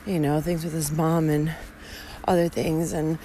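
A woman's voice: low voice, little pitch movement, unhurried, mellow, a little hiss or hum. A woman vlogger telling a personal story in a candid, emotional way, swearing freely and using lots of fillers as she walks outdoors. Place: outdoors, walking along a route.

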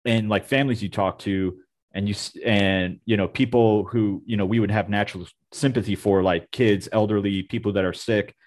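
A man's voice: fairly low pitch, steady tone, normal speed, a little mellow. A man interviewing a guest, asking long rambling questions full of "like" and "you know". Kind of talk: casual interview.

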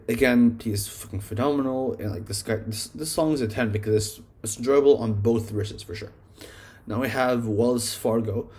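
A man with a warm, fairly low-pitched voice talks casually as a music reviewer about songs he loves, rambling, cursing and filling his sentences with "like".

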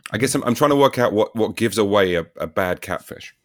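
A man's voice: on the low side, animated, brisk, no echo. A young man, a new dad and podcast co-host, telling a rambling story with dry self-deprecating jokes over a remote call. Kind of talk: casual chat. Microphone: home mic on a remote call.

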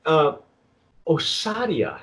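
A man's voice: on the high side, huge pitch swings, a bit bright. A man hosting a casual tequila tasting chat, rambling and restarting often. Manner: rambling, halting, with many restarts and fillers. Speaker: tequila review host.

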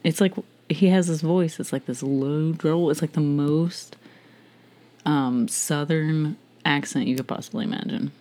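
A woman in her thirties co-hosts a casual podcast from home, giggling, rambling and poking fun at herself. Her deep voice is mellow and steady, with a measured pace.

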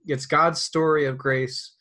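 A man hosting an interview, relaxed and encouraging in a casual, slangy way. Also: a little high, measured pace. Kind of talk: casual chat.

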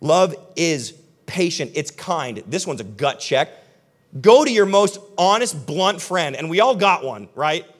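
This young pastor's voice is on the high side, sing-song and a little slow. Before a live audience in a church hall, he preaches his sermon conversationally and with emphasis, speaking right to those listening.

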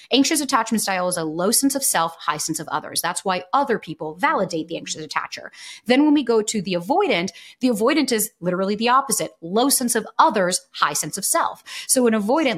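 A woman in her thirties speaks as a podcast guest, candid and blunt, with a mid-range voice. She tells stories in a lively, expressive way, cursing freely and slipping into the voices of people she quotes. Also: mid-range voice. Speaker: podcast guest, dating coach. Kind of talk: candid conversational storytelling.

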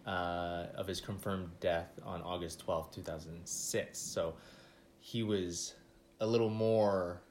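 A woman's voice: extremely low pitch, fairly even intonation, slow pace, a little mellow, echoey room, a little hiss or hum. A woman co-hosting a casual podcast, chiming in with jokes and playful asides. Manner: joking interjections and sound effects. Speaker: podcast co-host. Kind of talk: casual chat.

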